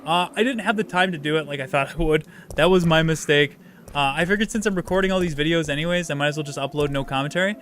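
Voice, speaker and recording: A man's voice: on the high side, fast talker, a bit bright, a little hiss or hum. A man hosting a live game stream, chatting casually and rambling with offhand swearing. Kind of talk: casual live-stream chat while gaming.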